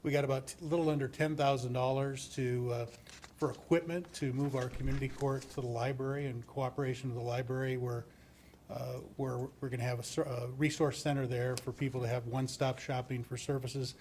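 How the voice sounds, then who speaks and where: A man, a judge, giving a formal presentation to a city council, speaking in a measured way with frequent restarts. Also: medium pitch, level tone, a little mellow, a little hiss or hum. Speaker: municipal court judge. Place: council chamber.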